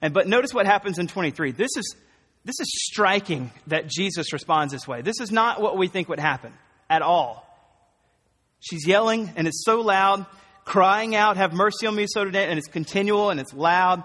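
A man delivers a sermon as a pastor, talking in a loose, conversational way with quick asides and laughs. His voice sits high for a man. The sound carries the long reverb of a church hall. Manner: conversational, animated, with self-corrections and laughs.

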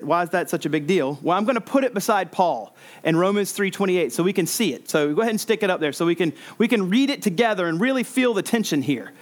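A man preaching an expository sermon, earnest, repeating words and restarting as he explains. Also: fairly high pitch.

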